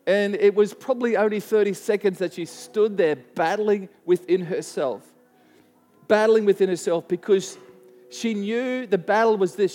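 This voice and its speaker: A man's voice: high-pitched, a little mellow, long reverb tail. A man preaching a sermon to a church, telling a story earnestly and often restarting his sentences. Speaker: pastor.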